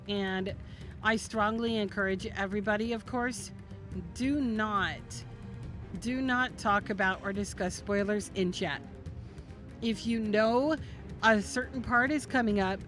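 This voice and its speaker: A young woman streams a game and talks to her chat in a chatty, earnest way. Her voice sits at an ordinary mid pitch, with faint game music under her. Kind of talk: casual live-stream chat.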